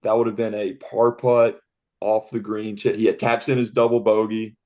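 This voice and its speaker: A man's voice: lowish voice, flat delivery, normal speed, mellow. A young man, a golf caddy, telling a story on a casual podcast, acting out the dialogue and laughing often.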